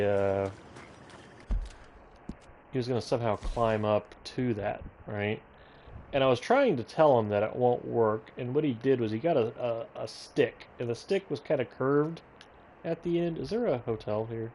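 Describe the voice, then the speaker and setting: A man's voice: medium pitch, darkish tone, slight background noise. A man casually commentating a live gameplay stream, rambling and breaking off into tangents. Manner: rambling, self-interrupting, goes off on tangents.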